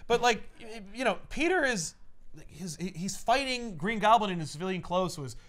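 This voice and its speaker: A man on a casual comic book podcast, recapping a story with profane jokes and quick voices for the characters. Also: sits high. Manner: animated, profane, acts out characters in jokey voices. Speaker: podcast co-host.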